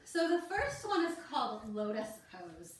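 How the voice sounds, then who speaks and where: A woman with a fairly high, sing-song voice leads a children's yoga class at a measured pace, encouraging the kids and guiding them through each pose step by step. She's recorded from a distance, off the mic, in an echoey room.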